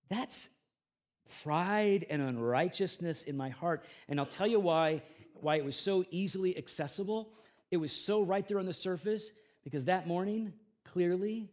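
A man pastor preaching a sermon, conversational and animated, swinging between loud emphatic peaks and quiet asides, with self-deprecating humor. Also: high-pitched.

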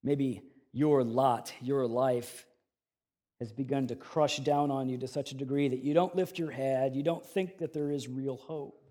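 A man preaching a sermon, his voice swelling loud on key phrases and dropping soft between them. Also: mid-range voice, fairly even intonation, measured pace. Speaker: pastor.

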